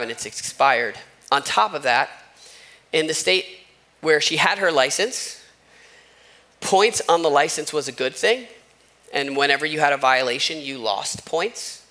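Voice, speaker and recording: Bright and forceful, this pastor's mid-range voice carries a conversational sermon filled with stories and asides. He is in a church sanctuary, speaking into a wireless microphone.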